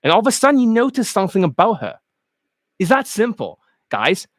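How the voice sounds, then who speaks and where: Brief: foul-mouthed male dating coach, very animated delivery, dry close sound. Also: high voice, fairly quick, no echo. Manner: crude, animated, mocking. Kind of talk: coaching rant.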